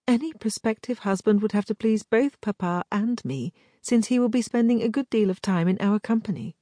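A woman's voice: medium pitch, moderate pace, dark tone, no echo, studio quality, voice pushed up, natural voice. A woman reading the part of a genteel, well-mannered young lady in an audiobook, keeping her tone polite and light. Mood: light, evasive. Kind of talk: audiobook character voice.

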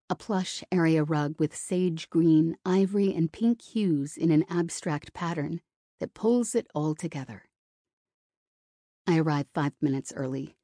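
A woman's voice: low voice, warm tone, no echo, clean studio sound. A woman reading a novel in the first person, wry and self-conscious in tone. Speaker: audiobook narrator.

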